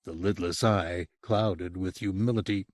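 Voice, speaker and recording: A man reading a horror audiobook as narrator, in an expressive storytelling manner. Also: deep voice, measured pace, no room sound, studio quality. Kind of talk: scripted narration.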